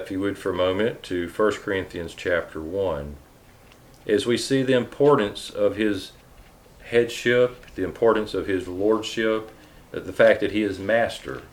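Male preacher, lowish voice, earnest sermon delivery with restarts. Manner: earnest, reads scripture aloud with hesitant restarts.

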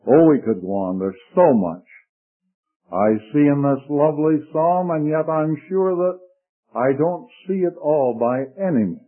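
Older male preacher, slightly high voice, very slow and deliberate delivery with hushed low scripture lines, thin phone-like radio sound. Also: animated. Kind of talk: sermon. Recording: tinny lo-fi radio broadcast.

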